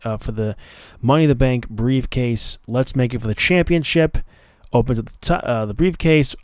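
A man hosting a solo podcast in an easy, chatty way, often stopping to restart his sentences. His voice sits at an ordinary middle pitch. The sound is dry and close, with no room around it. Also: clear, resonant tone, no echo. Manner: chatty, loose, many fillers and restarts. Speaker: podcast host. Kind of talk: casual solo podcast commentary.

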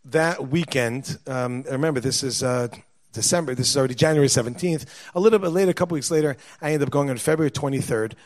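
A man, a father of young children, telling a personal story in an animated way, repeating words and acting out what others said. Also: mid-range voice. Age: adult, father of young children. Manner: lively, acts out quoted dialogue, repeats words when excited.

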